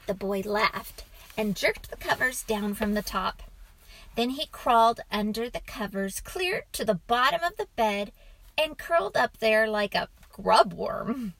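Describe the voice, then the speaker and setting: A woman narrating a children's storybook in a calm, even reading voice. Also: a little high, unhurried, poor audio.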